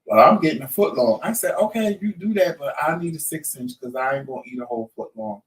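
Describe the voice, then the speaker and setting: Fairly high in pitch with noticeable vocal fry, this man talks fast. He's a vlog host in his fifties who tells stories casually and animates each quoted line, heard through a distant mic on a low-quality recording.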